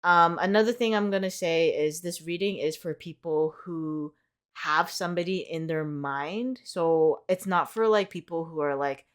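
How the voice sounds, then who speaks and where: Low-voiced chatty young woman. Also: moderate pace, clean tone. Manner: rambling and upbeat, heavy use of "like" fillers. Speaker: tarot reader. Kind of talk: casual chatty vlog.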